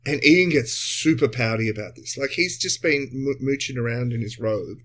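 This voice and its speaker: A man's voice: medium pitch, normal speed, fairly bright tone. A man co-hosting a comedy podcast, chatty and explaining at length with tangents. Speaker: co-host. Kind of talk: casual comedy podcast recap.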